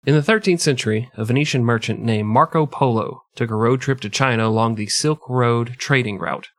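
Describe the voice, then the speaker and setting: A man's voice: mid-range voice, fairly quick, fairly bright tone, no echo. A young man co-hosting a comedic history podcast, telling the story with crude jokes and frequent laughs. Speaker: podcast co-host. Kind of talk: casual comedic history chat.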